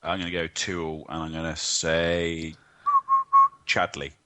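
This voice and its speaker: A man's voice: rumbling low, monotone, unhurried, very noisy. A man co-hosting a football fan podcast, giving rambling, opinionated takes in casual chat. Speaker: podcast co-host.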